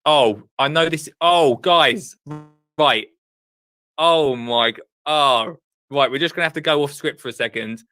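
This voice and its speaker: A young man hosting a live show, excitable and breathless, tripping over his words. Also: a little high, a little slow. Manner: excitable, breathless, full of restarts. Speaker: host. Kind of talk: excited live-stream chat.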